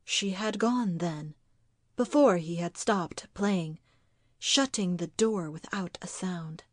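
A woman giving a scripted narration of a literary ghost story, reading in a measured, deliberate and atmospheric way. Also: on the low side, dry recording, studio quality.

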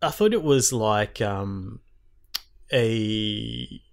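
A man's voice: lowish voice, lively intonation, very slow. Laid-back man chatting about games. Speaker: podcast co-host. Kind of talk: casual gaming chat.

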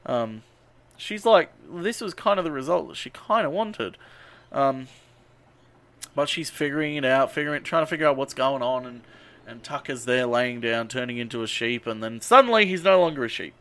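Profane, rambling podcast recapper. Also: male voice, mid-range voice, animated, moderate pace, fairly bright tone. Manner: rambling, profane, many ums and uhs. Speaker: podcast host. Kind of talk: casual movie recap.

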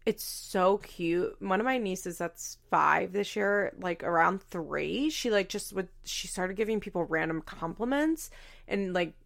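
A young woman hosts a podcast in loose, casual chat, full of "like" and the occasional swear word. Her voice sits in an ordinary middle register with a noticeable gravelly fry. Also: medium pitch, a little slow, fairly bright tone. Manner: chatty, lots of fillers, swearing, laughs often. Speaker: podcast host.

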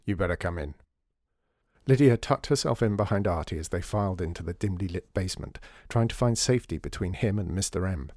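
A man narrating an audiobook with expressive storytelling. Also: deep voice, fast talker, few pauses, no echo, studio quality.

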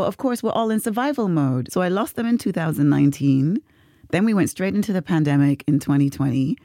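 A woman's voice: on the low side, warm tone, no room sound, clean studio sound. A woman hosting a podcast, telling a personal story in casual chat, laughing often and acting out the voices of others. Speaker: podcast host.

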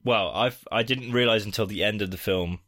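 Deep-voiced man, casual podcast chat. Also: brisk, a bit bright. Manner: explains in detail, restarts sentences. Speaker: podcast co-host. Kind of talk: casual film review chat.

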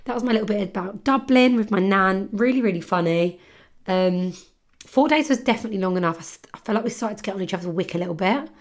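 A woman's voice: medium pitch, fast. A young woman hosting a podcast, chatty and giggly, telling a story with casual swearing. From London, England. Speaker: podcast host.

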